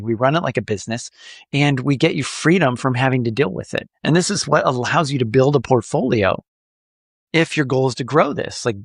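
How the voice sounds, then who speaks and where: A man hosting a podcast, coaching listeners in a lively, animated way with playful jokes. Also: medium pitch, no room sound, studio quality. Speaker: podcast host.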